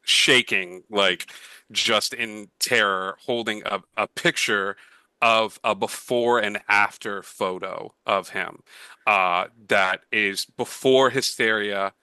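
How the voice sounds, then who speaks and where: A man's voice: lowish voice, steady tone, slow pace, pushed and bright, clean tone, no echo, low-quality recording. A man running a tabletop game as game master, narrating in a rambling way with lots of restarts.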